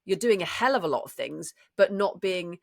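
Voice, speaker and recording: A woman with a fairly low voice talks casually on a podcast. She explains things with enthusiasm and keeps restarting her sentences. The recording is dry and close. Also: lively intonation, moderate pace, gravelly, no room sound. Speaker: podcast co-host and voice actor. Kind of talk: casual chat.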